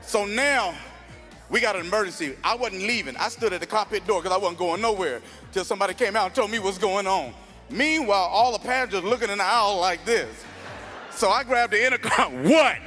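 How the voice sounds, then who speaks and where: A male stand-up comedian who tells stories loudly and with lots of animation, laughing through his own punchlines. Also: sits high, brisk, soft background music.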